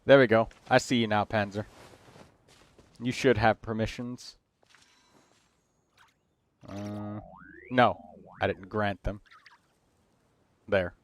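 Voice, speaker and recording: A man's voice: on the low side, fairly even intonation. A man hosting a game livestream, chatting casually and rambling through build advice. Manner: chatty, rambling, quick asides to chat.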